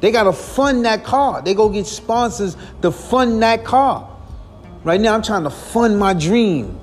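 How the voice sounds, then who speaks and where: A man with a rather high voice rambles through an earnest, casual monologue as a podcast host. He sounds weary and keeps circling back with repeated phrases and a steady "man" at the end of his lines. Soft music plays faintly behind him. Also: measured pace.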